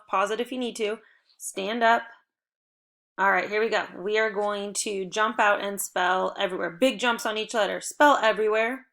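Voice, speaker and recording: A young adult woman teacher leading a recorded phonics lesson for children, with upbeat, encouraging, clearly paced prompts. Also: medium pitch, bright, forceful tone.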